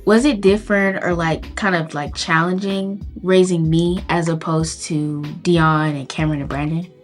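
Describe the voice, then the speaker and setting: A young woman asks her father a personal question, tentative and full of hedges. Her voice sits somewhat low for a woman. Faint music plays underneath. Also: steady tone, normal speed. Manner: tentative, hedging with fillers. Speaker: host's daughter asking a question.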